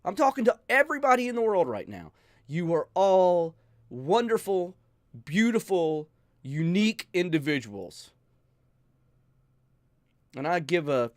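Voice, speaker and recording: An emotional man speaks straight to his viewers, pleading with them and pausing to sigh as he goes. His voice sits a little high, and his pitch rises and falls a lot between soft moments and urgent ones. The sound is close and dry, with no room around it. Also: no echo. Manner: emotional, pleading, with sighs and pauses. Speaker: channel host. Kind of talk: earnest heartfelt talk to viewers.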